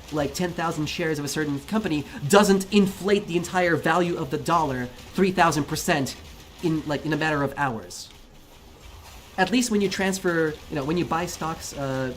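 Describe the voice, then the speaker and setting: A man livestreaming, arguing heatedly with his chat in a casual, profane rant. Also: a little high.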